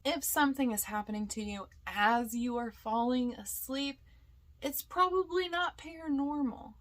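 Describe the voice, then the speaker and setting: A young woman, a podcast host and paranormal investigator, telling a ghost story in a loose, chatty way with lots of fillers and acted-out quotes. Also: a little high. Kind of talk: casual storytelling.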